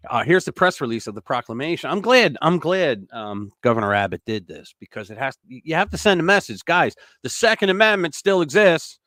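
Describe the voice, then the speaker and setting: A man hosting a casual news commentary show, reading stories aloud and breaking in with blunt, sarcastic remarks, swinging between loud outbursts and mumbled asides. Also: fairly high pitch, big pitch swings, a little fast, hardly any pauses, dry recording, clean studio sound. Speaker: political commentary host.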